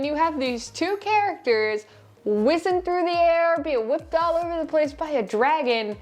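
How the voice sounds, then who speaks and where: A woman's voice: high voice, expressive, a little slow, faint music behind. A woman reviewing a film in a casual, sarcastic, rambling way, recorded on a lapel mic in her shirt. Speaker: movie reviewer.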